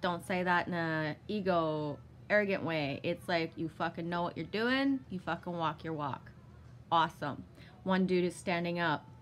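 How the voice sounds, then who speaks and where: A woman vlogger casually telling a long story, rambling with lots of fillers, swearing often and bursting into giddy excitement. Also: fairly low pitch, moderate pace, slight background noise.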